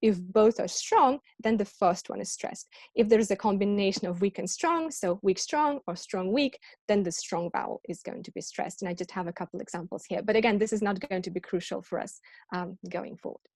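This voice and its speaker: A woman delivers an academic colloquium talk, explaining each point patiently and often pausing on ums and restarting words. Her voice sits at a mid pitch. The recording is dry and close, as on a video call. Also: a little mellow, no room sound. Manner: explanatory, with frequent ums and self-corrections. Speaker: academic lecturer.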